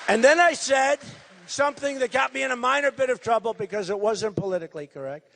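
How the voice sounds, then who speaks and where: A man in his sixties giving a campaign rally speech, loud and repetitive, hammering his points with emphasis. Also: very high-pitched, quick pace, gravelly, big-room sound, a faint crowd, slight background noise. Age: 60s. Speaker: political candidate.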